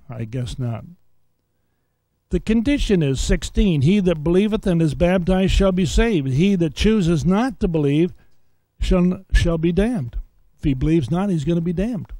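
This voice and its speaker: A man teaching a seminary Bible lesson, reading scripture aloud and explaining it point by point. He talks with a preacher's cadence and slows down on key words. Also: a little high, mellow, no room sound.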